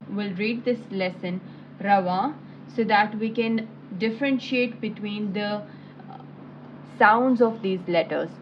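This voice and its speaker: A woman teacher talks through a lesson at an unhurried, deliberate pace, explaining sounds and then sounding each syllable out aloud. Her voice sits at an ordinary pitch. The audio is muffled and lo-fi, with a faint hiss underneath. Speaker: Quran recitation teacher. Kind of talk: slow step-by-step lesson with recited syllables.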